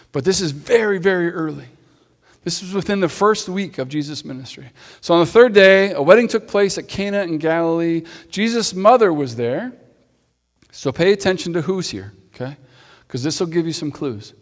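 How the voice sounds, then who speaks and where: A man preaching a sermon as pastor, talking in a conversational way with playful asides to the congregation. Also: medium pitch. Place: church sanctuary. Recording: long hall reverb.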